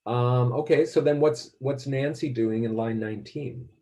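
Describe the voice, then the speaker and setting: A man's voice: medium pitch, moderate pace, warm tone. A man lecturing a class, thinking aloud and often restarting his sentences.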